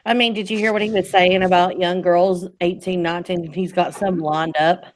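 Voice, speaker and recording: A woman's voice: lowish voice, fairly even intonation, fairly quick. Woman in her thirties, earnest casual chat. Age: 30s. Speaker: podcast host.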